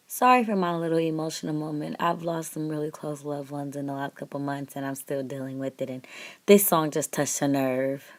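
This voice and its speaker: A woman narrates her makeup tutorial in a relaxed, chatty voice-over with a slightly low pitch. She sounds upbeat and chuckles often. She talks to her viewers as if they were friends. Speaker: beauty vlogger.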